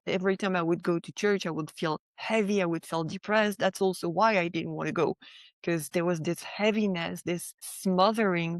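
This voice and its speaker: A young French woman with a lowish voice shares a personal testimony as a podcast guest, chatting casually and sprinkling in "like" and "right?". There is no room sound.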